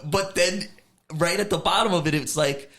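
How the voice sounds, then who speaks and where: A man's voice: high voice, moderate pace. Male podcast co-host, casual storyteller who does the voices in his retellings. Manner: animated storytelling, acts out quoted chatbot lines. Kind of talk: casual chat.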